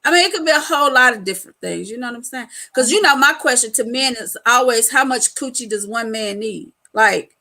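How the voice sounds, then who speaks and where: A woman hosting a casual live chat, telling animated stories in a loose colloquial way and laughing often. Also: on the high side, fairly quick, hardly any pauses, rough recording. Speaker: host.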